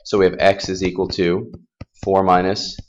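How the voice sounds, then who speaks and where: A man teaching a calculus class in a classroom, casual and self-deprecating, firing quick questions at his students. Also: low voice, level tone, lo-fi sound, slight background noise. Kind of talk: classroom math lesson.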